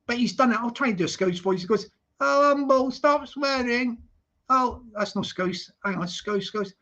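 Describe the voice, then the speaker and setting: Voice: medium pitch, a little fast, fairly bright tone. Rambling livestream commentator. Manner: repetitive, lots of "you know what I mean". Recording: lo-fi livestream audio.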